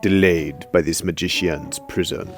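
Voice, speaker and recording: A man voicing a proud, disembodied male barbarian warrior's head, speaking with a South African accent in a deep, slow, solemn way. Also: steady tone, soft background music.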